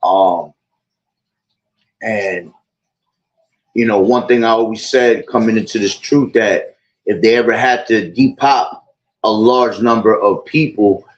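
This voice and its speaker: Low-voiced man preaching in a rambling way. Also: slow pace, pauses often, muffled recording. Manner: rambling, repeats himself, fillers like "you know" and "all right". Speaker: host of a religious talk channel. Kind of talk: preaching commentary.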